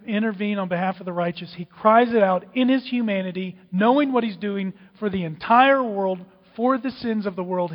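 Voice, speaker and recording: A man preaching a sermon, dramatic, swinging from loud outbursts to hushed whispers. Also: high voice. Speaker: pastor. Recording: dull, with long hall reverb.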